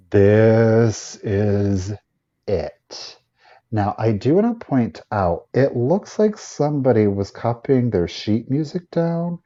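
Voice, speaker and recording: In a muffled recording, a man with a lowish voice and dark tone hosts a live vintage sale. He chats enthusiastically while showing off items and running the bidding.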